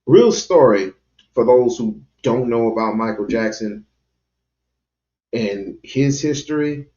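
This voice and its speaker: A man hosting his own channel, giving rambling casual commentary with sudden jumps in pitch. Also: expressive, slow pace, mellow, muffled recording. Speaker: channel host.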